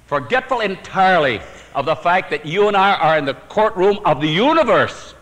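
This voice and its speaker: Lively preacher with a hall echo. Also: male voice, high voice, moderate pace. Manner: animated, swinging between emphatic and hushed, chuckles at his own jokes. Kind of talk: sermon with personal storytelling.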